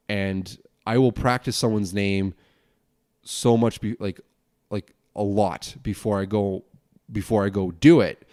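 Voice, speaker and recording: Fast-rambling young man, swearing casually. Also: fairly low pitch, no room sound, clean studio sound. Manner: fast rambling talk, frequent swearing and restarts. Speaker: podcast host and broadcasting student. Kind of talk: casual solo podcast rambling.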